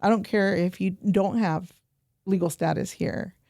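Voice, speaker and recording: A woman guest on a podcast interview, telling animated stories and repeating points for emphasis. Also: medium pitch, a little slow, gravelly, no room sound, clean studio sound. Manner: animated storytelling, quoting herself and others. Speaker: guest, nonprofit program director.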